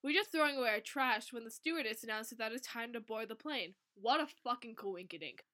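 A woman reading an old fanfic aloud, giggly and animated, often stumbling over words. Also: a little high, brisk. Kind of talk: reading aloud between banter.

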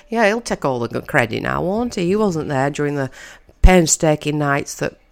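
A woman's voice: low-pitched, animated, normal speed, gravelly. A woman giving casual, wry commentary as she narrates a film, chatting and thinking aloud. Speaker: audio narrator.

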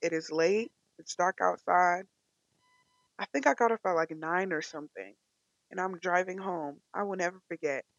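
A young woman from California sharing an emotional, animated personal faith testimony. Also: fairly low pitch, moderate pace, no echo, highs cut off. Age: young adult. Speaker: testimony speaker.

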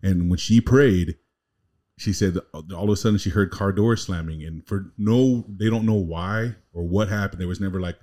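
Deep-voiced man telling a rambling story. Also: normal speed, a little mellow. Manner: rambling, slangy storytelling full of "like" and "bro". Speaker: podcast co-host. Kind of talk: casual chat, storytelling.

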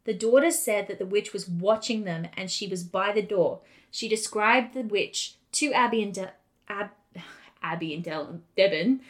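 A woman co-hosting a podcast, telling a haunting story in a casual, animated way with quick asides. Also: mid-range voice. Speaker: podcast co-host.

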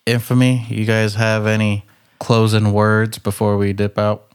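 Low smooth-voiced guy hosting a podcast, flat laid-back delivery, dry sound. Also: a little slow, no echo. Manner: laid-back, wraps up segments. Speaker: podcast host. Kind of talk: casual chat.

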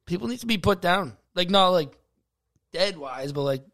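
A man co-hosting a casual podcast, giving blunt, crude opinions and muttering low asides. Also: expressive, moderate pace, a bit bright. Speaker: podcast co-host. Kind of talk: casual chat.

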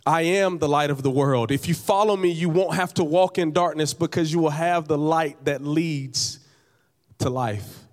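A man preaching a sermon as pastor, repeating phrases and building to emphatic high peaks, sometimes dropping into casual slang. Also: moderate pace. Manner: conversational, uses casual slang.

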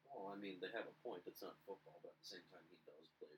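A man's voice: low-pitched, fast talker, rough recording. A young man from Minnesota, co-hosting a podcast with a dry, teasing manner. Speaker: podcast co-host. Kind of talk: casual chat.

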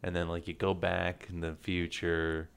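A man with a very deep voice co-hosting a casual podcast, musing aloud in a rambling, hesitant way full of fillers. His tone is smooth and clear. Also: monotone, normal speed. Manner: rambling, hesitant, many fillers like "like" and "you know". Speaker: podcast co-host.

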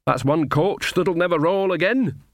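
A jolly, bawdy old witch woman, as a male narrator voices her, pitched above his own voice and full of hearty coaxing. The audiobook sound is close and dry. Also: moderate pace, no echo.

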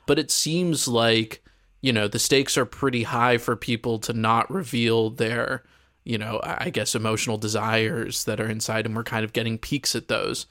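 A man's voice: medium pitch, steady tone, moderate pace, a bit bright. A man co-hosting a podcast, chatting casually with lots of hedges and fillers. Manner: hedging, lots of "you know" and "um". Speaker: podcast co-host. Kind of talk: casual chat.

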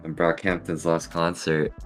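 Very deep-voiced young man. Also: level tone, moderate pace, soft background music. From US Midwest. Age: young adult. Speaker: podcast co-host. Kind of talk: casual chat. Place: home, on a voice call. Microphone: computer mic over a voice call.

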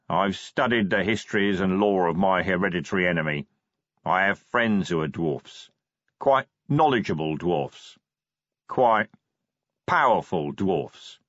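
A man voicing a clever male troll who speaks quietly and patiently, like a school teacher. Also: on the low side, no echo, dull audio. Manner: measured, patient, lightly teasing.

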